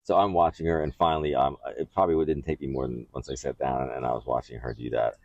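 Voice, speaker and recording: A man's voice: a bass voice, steady tone, quick pace, no room sound, lo-fi sound. A man co-hosting a podcast, telling a candid, rambling and crude story in casual chat. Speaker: podcast co-host.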